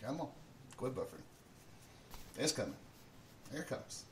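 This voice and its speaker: A man's voice: mid-range voice, sing-song, normal speed, distant mic. A man hosting a morning show in casual, profane chat, laughing often at his own jokes. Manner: swears freely, laughs often at himself.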